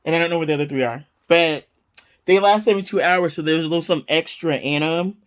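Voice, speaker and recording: A woman talking casually to her viewers in a relaxed home vlog. She rambles from one thought to the next, filling gaps with "like" and "um." She breaks into giggles often. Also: low voice, fast talker. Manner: rambling, giggly, lots of fillers. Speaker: vlogger. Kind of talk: casual chatty haul vlog.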